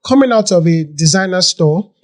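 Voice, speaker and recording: Chill podcast host asking questions, chatty, restarts a lot, medium pitch. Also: lively intonation, normal speed. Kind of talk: casual interview questions.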